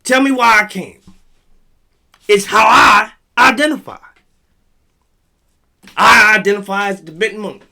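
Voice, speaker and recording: This man's voice sits high and sounds creaky and sharp, unhurried with long pauses. Hosting a vlog, he reads text out loud, then swears heavily and bluntly in profane commentary.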